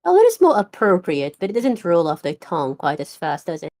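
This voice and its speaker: A woman's voice: on the low side, huge pitch swings, brisk, a little mellow, dry recording, studio quality. A woman playing in a live tabletop game, talking bluntly and teasingly with the group. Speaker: player. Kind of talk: casual chat at a game table.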